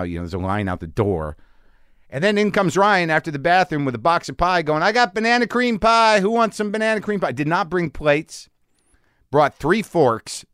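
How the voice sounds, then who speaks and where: Man, podcast host, casual animated storytelling, mid-pitched voice, dry close sound. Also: clear, resonant tone, no room sound. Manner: animated, acts out the people in his stories. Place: home garage studio.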